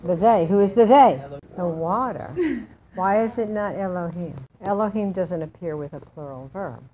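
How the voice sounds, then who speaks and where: A woman's voice: fairly low pitch, expressive, moderate pace, warm tone, slight background noise, poor audio. A woman teaching a Hebrew Bible class, explaining word by word and asking her students questions.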